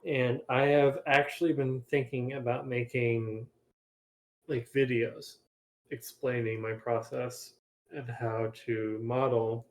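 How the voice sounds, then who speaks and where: A man's voice: medium pitch, level tone, takes it slowly. A man, a game developer, talking casually in a group voice chat, rambling with many restarts while he has the hiccups.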